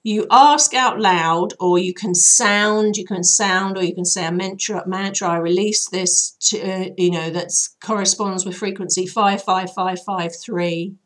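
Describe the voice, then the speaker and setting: A woman healer hoarsely guiding listeners through an emotional release process in a chatty, rambling way, with many fillers. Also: mid-range voice, fairly even intonation, unhurried, few pauses. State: voice hoarse and troubled. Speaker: healer and channel host. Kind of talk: casual spoken guidance.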